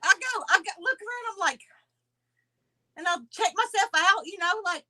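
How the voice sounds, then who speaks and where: A woman guest on a live chat who tells animated stories and giggles a lot. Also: very high-pitched, a little fast. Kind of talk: casual chat.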